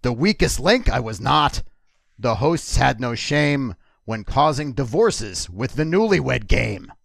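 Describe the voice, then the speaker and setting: A man putting on a monster voice to recite a comic ode slowly. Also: mid-range voice, animated, gravelly, a bit bright, no room sound, studio quality, voice pushed up, exaggerated voice. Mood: grandiose. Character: Cookie Monster-style gravelly puppet monster reciting an ode.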